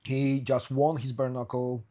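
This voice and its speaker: A man's voice: mid-range voice, flat delivery, unhurried, mellow. A man hosting a podcast, telling swearing, laughing anecdotes in casual chat. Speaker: podcast host.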